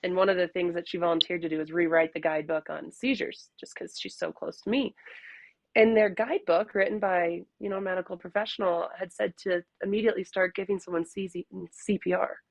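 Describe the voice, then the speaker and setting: A woman's voice: lowish voice, fairly even intonation, a little fast, dry recording. A young woman chatting candidly as a podcast guest, often laughing. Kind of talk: casual podcast conversation.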